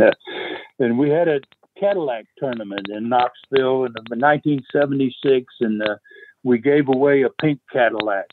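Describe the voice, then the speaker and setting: An older man telling wrestling-era stories as a podcast guest, rambling and halting, with chuckles and fillers. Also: mid-range voice. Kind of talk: casual storytelling. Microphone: phone call. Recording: tinny phone line with faint hiss.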